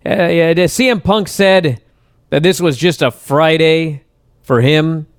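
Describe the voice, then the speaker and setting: A man hosting a wrestling talk show, telling stories at length in a casual, animated way. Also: fairly high pitch, unhurried, clean tone, no room sound, studio quality. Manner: animated storyteller, recaps at length. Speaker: wrestling radio show host.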